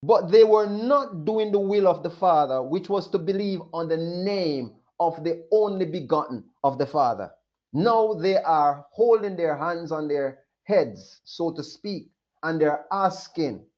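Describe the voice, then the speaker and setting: Male preacher, high voice, slow deliberate delivery, dull lo-fi sound. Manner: emphatic, repeats phrases, voices questions of others. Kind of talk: sermon. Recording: dull lo-fi recording.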